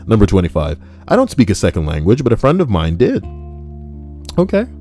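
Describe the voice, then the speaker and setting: Lively low-voiced man reading posts aloud. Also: a little fast. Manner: jokey, swears, breaks into laughter and mock voices. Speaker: reddit story reader and streamer. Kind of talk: casual live reading with commentary. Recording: light guitar music underneath.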